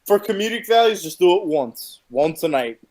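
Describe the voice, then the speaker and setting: Easygoing man with a lively pitch. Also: normal speed. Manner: easygoing, acts out quotes in silly voices. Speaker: podcast co-host. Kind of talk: casual profane wrestling chat.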